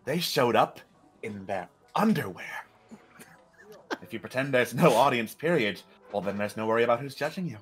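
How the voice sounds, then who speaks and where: A man's voice: mid-range voice, lively intonation, moderate pace, slightly rough, faint music behind. An actor playing an anxious Englishman, a stage performer living in France, who talks in a hesitant, rambling way. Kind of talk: character role-play.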